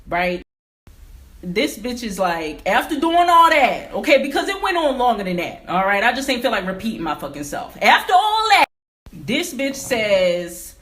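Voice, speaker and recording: A woman's voice: on the high side, measured pace. A young adult woman telling a story in a casual vlog at home, ranting emphatically with lots of swearing. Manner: animated, profane, emphatic ranting. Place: home game room.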